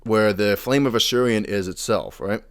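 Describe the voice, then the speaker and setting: A man's voice: lowish voice, moderate pace. A young man casually retelling fantasy lore as a podcast host, acting out the characters' lines as he goes.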